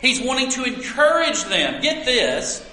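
A man preaching a sermon as pastor, earnest and storytelling, with emphatic pauses. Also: very high-pitched, very animated, pushed and bright, a little hiss or hum. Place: church sanctuary. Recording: echoey hall with long reverb.

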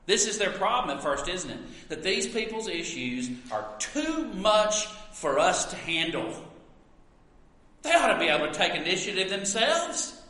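A man preaching a sermon, swinging between loud emphatic lines and hushed asides. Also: high-pitched, big pitch swings, measured pace, roomy sound, in a large hall. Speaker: pastor.

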